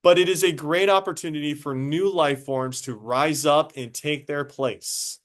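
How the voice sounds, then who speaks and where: A man teaching a high school biology class, casual and talkative, stopping to quiz students directly. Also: fairly even intonation, a little slow. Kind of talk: classroom lecture.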